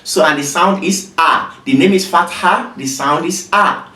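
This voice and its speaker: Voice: medium pitch, measured pace, sharp tone, far from the mic. Patient teacher drilling letter sounds, echoey. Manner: patient, repeats each sound many times. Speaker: Arabic teacher. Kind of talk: slow beginner lesson with repeated sounds. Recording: roomy echo, voice away from mic.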